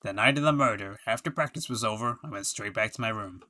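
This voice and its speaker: Brief: gloomy game clown, self-pitying, bright forceful tone, read by a man. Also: fairly low pitch, quick pace, pitched below the performer's own voice. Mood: recounting. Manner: self-pitying, laughs at own jokes. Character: washed-up sad male clown witness.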